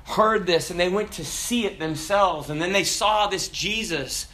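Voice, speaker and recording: A man in his forties delivers an animated sermon with a very high, bright voice. He swings from shouted declarations down to low, quiet asides. His tone stays ringing and forward throughout. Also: unhurried. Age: 40s. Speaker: pastor.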